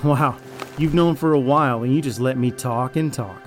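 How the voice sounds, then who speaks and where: Man doing a manipulative raider, smug, menacing, audio drama, medium pitch. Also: moderate pace, faint music behind, lightly acted. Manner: falsely friendly, then arrogant and threatening.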